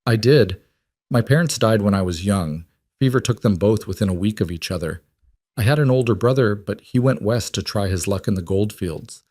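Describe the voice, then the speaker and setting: Careful, guarded young drifter woman, voiced by a man; low, measured, dry. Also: darkish tone, no echo, natural voice.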